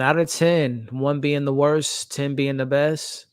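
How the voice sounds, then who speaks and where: A man's voice: on the high side, little pitch movement, slow, clean tone, no echo, clean studio sound. Chatty man hosting a live stream. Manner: candid, chatty, talks straight to the live chat. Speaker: host. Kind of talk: live reaction stream chat.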